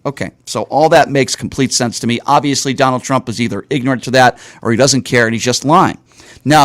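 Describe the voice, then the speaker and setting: A man's voice: medium pitch, no echo, studio quality. Indignant male talk show host. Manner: indignant, ranting, repeats points for emphasis. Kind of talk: political commentary.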